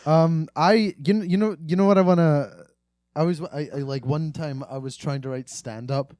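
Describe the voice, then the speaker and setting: A man's voice: a little high, normal speed, darkish tone, no echo. A young man co-hosting a casual podcast, telling rambling, joking stories. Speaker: podcast co-host. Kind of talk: casual chat.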